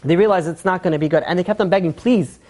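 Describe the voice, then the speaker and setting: A man, a rabbi, telling a long story in a sermon, animated and full of fillers. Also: sits high, racing.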